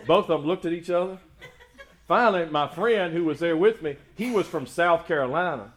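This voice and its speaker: A male pastor preaching a sermon, building to loud emphatic praise and slipping into folksy, joking stories. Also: fairly high pitch, normal speed.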